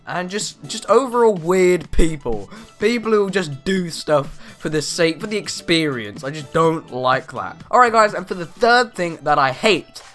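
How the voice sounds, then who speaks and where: A man's voice: fairly high pitch, measured pace, faint music behind. A teenage boy vlogging, telling rambling stories with lots of fillers. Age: teens. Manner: rambling, animated, lots of "you know" fillers. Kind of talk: casual storytelling vlog.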